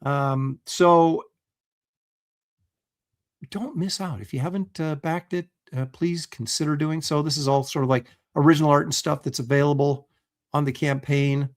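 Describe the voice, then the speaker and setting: A man's voice: on the high side, fairly even intonation, moderate pace. A middle-aged man hosting a casual livestream, talking loosely with plenty of ums and uhs. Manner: chatty, loose, lots of fillers. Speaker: host.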